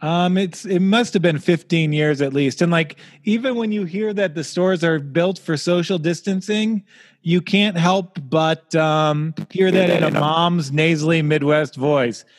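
A man's voice: a little high, measured pace. Dry-humored man hosting a podcast, long reverb. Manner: dry, wry, reading out figures. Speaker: podcast host. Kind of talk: casual comedic podcast chat.

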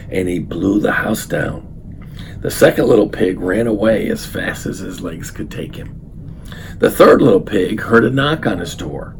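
Older guy, low n gravelly, talks slow with lots of ums. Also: animated, slight background noise. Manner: unhurried, many fillers, warm storytelling. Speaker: speaker reading a story to his grandchild. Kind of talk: story reading then reflective talk.

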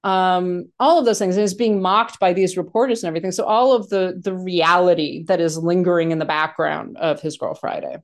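A woman's voice: lowish voice, steady tone, fairly quick, few pauses. A woman in a casual film discussion, talking animatedly with many restarts and fillers.

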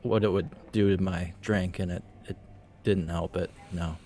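Deep-voiced man, halting podcast chat. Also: steady tone, mellow, soft background music. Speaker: podcast co-host. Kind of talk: casual chat.

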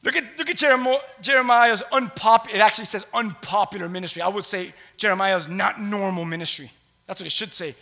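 A man preaching a sermon in a church, impassioned, swinging between loud declarations and hushed asides. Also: high-pitched, brisk, creaky.

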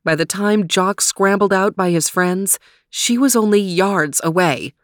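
A woman narrating a children's adventure story in a measured, expressive way. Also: medium pitch, dry recording, studio quality.

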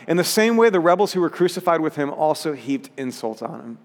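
A man's voice: fairly high pitch, very animated, a little fast, hardly any pauses, big-room sound. A pastor preaching a sermon in an earnest way, rising to emphatic peaks as he reads scripture.

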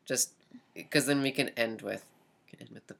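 A woman's voice: very deep voice, fairly quick, gravelly. A woman co-hosting a podcast, recapping a TV episode in casual chat, telling it animatedly and often repeating words as she thinks. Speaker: podcast co-host.

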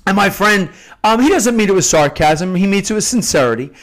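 A man's voice: high-pitched, expressive, brisk, a bit bright. A middle-aged man giving an earnest, unscripted devotional talk, often repeating and restarting phrases for emphasis. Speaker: Catholic novena host. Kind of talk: spontaneous devotional teaching.

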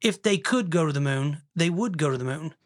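A man in his thirties from Oklahoma, hosting a casual podcast chat and telling long rambling stories with many fillers and quick laughs. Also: a little high, expressive. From Oklahoma, USA. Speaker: podcast host.

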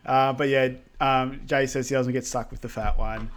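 A man with a mid-range voice and little pitch movement talks at a moderate pace over slight background noise. Co-hosting a podcast, he casually recaps a film in a rambling way, with lots of ums and likes, and quotes characters' lines.

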